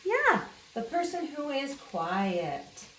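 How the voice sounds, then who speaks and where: Slow, patient woman teacher, roomy sound. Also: high voice, wildly swooping pitch, a bit bright, a little hiss or hum. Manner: slow, patient, sounding out letters and singing spelling songs. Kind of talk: early-grade phonics lesson. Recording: echoey room, voice a bit far off.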